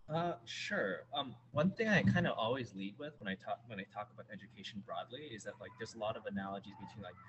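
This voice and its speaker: A man with a lowish voice speaks as an educator on a school panel. He explains research in a measured way, with many fillers. There is clear noise behind him. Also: fairly bright tone, low-quality recording. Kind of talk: panel discussion answer.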